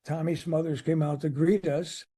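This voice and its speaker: An older man with a Chicago accent tells stories as a guest in an interview. His voice sits a little high but sounds husky and mellow. He restarts phrases often as he talks. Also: normal speed. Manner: animated anecdotes with restarts. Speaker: guest musician. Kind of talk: casual interview storytelling.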